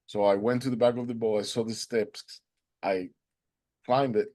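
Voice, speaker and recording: A man earnestly telling a personal story, halting and restarting as he goes. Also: fairly low pitch, steady tone, warm tone.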